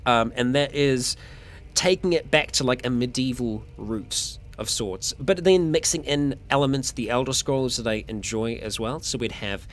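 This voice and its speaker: A man's voice: mid-range voice, a bit bright. A young man, chatting casually on a livestream and answering viewer questions, a little tired. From New Zealand. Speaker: streamer.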